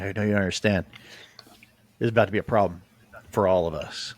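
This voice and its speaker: A man's voice: on the low side, a little fast. A man in casual chat, telling a rowdy story and acting out the voices in it. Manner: animated, acts out the voices in his story.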